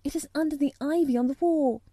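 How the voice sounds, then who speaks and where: A woman's voice: high-pitched, animated, measured pace, mellow, dry recording, pitched above the performer's own voice. A woman voicing a stubborn, frank young girl in a storybook reading, with an earnest, blunt manner.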